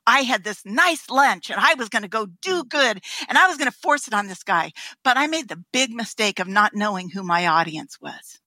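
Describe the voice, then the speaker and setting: A woman guest on a podcast telling a story in a casual, animated way and acting out the voices of the people in it. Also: on the high side, no echo. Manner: animated, acts out the voices in her stories.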